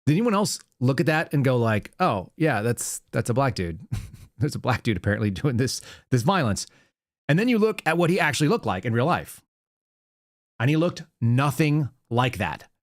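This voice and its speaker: A man's voice: mid-range voice, big pitch swings, normal speed, no echo, clean studio sound. A man hosting his own show, talking casually in a monologue and often repeating words as he restarts. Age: adult with young child. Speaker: podcast host.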